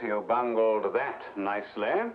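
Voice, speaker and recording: A pompous English gentleman crook. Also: lowish voice, animated, measured pace, over loud music. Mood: scheming. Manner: pompous, polished and scheming. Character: genteel English gentleman outlaw mastermind, sly. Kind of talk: 1960s TV western comedy acting. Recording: dull old TV soundtrack with loud crowd and noise.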